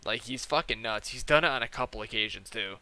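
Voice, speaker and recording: Bright-voiced young man, profane and slangy. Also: mid-range voice, quick pace. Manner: profane, slangy, heavy "like" and "dude"; acts out quoted people in changed voices. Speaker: gameplay commentator. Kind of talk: casual storytelling over gameplay.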